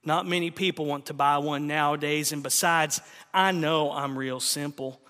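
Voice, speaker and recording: Man doing a young country Bible salesman, soft-spoken, humble, high bright voice, echoing hall. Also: normal speed, lightly acted. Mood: humble pleading. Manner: soft-spoken, folksy, earnest. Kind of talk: reading a story aloud in a sermon. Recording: long hall reverb.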